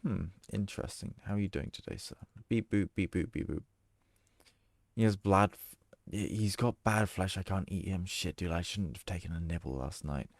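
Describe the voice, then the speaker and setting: A man's voice: sits low, fairly even intonation, fairly quick, no echo. A man streaming a horror game, joking and chatting casually with plenty of swearing. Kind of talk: gaming stream commentary.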